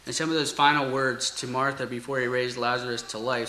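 A man preaching as a pastor, reading scripture and reciting a poem in an earnest, measured, dramatic way. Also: medium pitch, fairly even intonation, pushed and bright. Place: church sanctuary. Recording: echoey church room, faint hiss.

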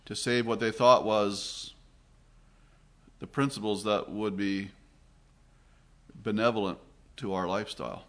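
A man's voice: lowish voice, steady tone, a little slow, long pauses. A Canadian man preaching a sermon in an earnest, reflective way, with frequent restarts and fillers.

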